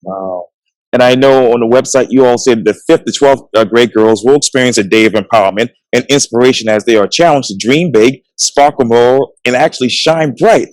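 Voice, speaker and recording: A man's voice: medium pitch, a little fast, dry recording, rough recording. A man hosting a local interview show, asking questions politely and formally. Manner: polite, affirming, formal address.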